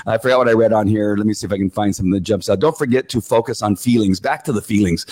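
A man's voice: lowish voice, racing, hardly any pauses, darkish tone, husky. A man giving a rambling, heated speech, ranting bluntly with many fillers and restarts while he gets sweaty and worked up. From California. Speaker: political speaker. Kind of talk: rally speech.

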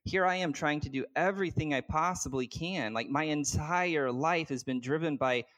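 A man's voice: on the high side, moderate pace, a bit bright. A man speaking as a guest business coach, telling a personal story earnestly and from the heart, with many filler words and restarts. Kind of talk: candid personal storytelling in conversation.

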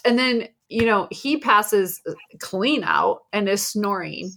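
Middle-aged mom co-host, unhurried delivery, gravelly edge, rambling and exasperated. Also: female voice, mid-range voice, bright, forceful tone. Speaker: podcast co-host, mother. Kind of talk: casual chat.

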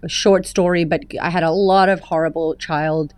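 A woman's voice: on the low side, fairly even intonation, normal speed, darkish tone, clean tone, dry recording. A woman talking openly and emphatically as a guest on an interview podcast, telling her story. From United States. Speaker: podcast guest, confidence coach. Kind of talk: candid interview conversation.

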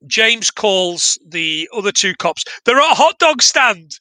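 A man co-hosting a podcast in casual chat, an animated, joking storyteller who swears and mocks himself. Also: high-pitched, a little slow, no echo, rough recording. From Glasgow area, Scotland. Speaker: podcast co-host reviewing a film.

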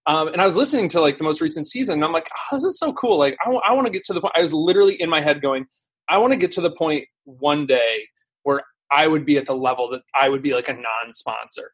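A man talking on a casual live stream, his voice slightly husky and sitting a bit high. He tells stories fast and animatedly, full of fillers and quick asides. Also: a bit bright. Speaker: podcast guest, SEO teacher.

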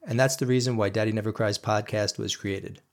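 A man's voice: on the low side, fairly even intonation, brisk, creaky. A man hosting a podcast, telling a personal story in an earnest, emphatic monologue aimed straight at his listeners. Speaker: podcast host.

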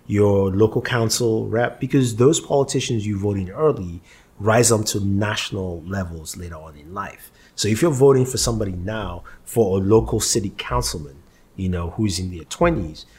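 A man who spent time in Nigeria, talking in a measured, reflective way in a casual conversation. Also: on the low side, slightly rough. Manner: measured, reflective, sometimes deadpan.

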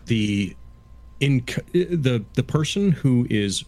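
A man in his fifties chatting casually, explaining at length in a halting way with frequent restarts. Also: medium pitch, lively intonation, a little mellow. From Canada. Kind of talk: casual chat.

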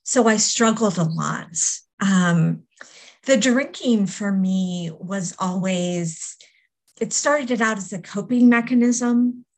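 A woman appearing as a guest on a podcast, a speaker and coach who talks in a candid, steady, reflective way. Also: mid-range voice, slow pace. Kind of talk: podcast interview.

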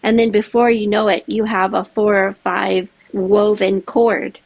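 A middle-aged woman chatting as an interview guest, animated and laughing often. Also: medium pitch, unhurried, gravelly, no room sound. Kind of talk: casual chat.

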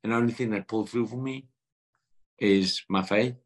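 South african man, thirties, earnest storyteller, lowish voice, acts out quotes. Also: normal speed. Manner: earnest, animated retelling with quoted dialogue. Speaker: guest boxer. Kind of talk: storytelling in a podcast interview.

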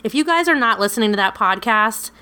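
A woman's voice: a little high, lively intonation, quick pace, sharp tone, clear, resonant tone. A woman co-hosting a podcast, chatting casually and rambling, swearing freely and laughing often. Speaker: podcast co-host. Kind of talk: casual podcast outro chat.

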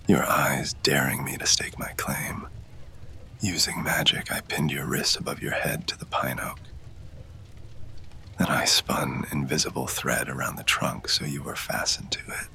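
A man narrating in first person as a winged fae lover, in a whispered role-play with close, intimate, breathy delivery. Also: very deep voice, fairly even intonation, a little slow, sharp tone.

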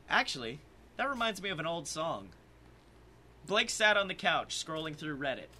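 A man's voice: fairly high pitch, very animated, normal speed, bright, forceful tone. A man co-hosting a podcast, reading comic fan fiction with swaggering, theatrical narration. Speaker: podcast co-host.

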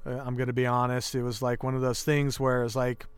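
A man's voice: medium pitch, completely flat delivery, fast talker, smooth, no echo. Podcast guest, male, 30s: candid, emotional storyteller, clean voice, dry studio mic. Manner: earnest, emotional, acts out quoted dialogue.

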